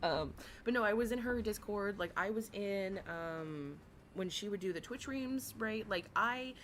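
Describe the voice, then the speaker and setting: A young adult woman with a raspy voice, chatting casually and rambling on a livestream, often giggling, with many fillers. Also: mid-range voice, unhurried, a bit bright, slight background noise. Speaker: livestream commentary host.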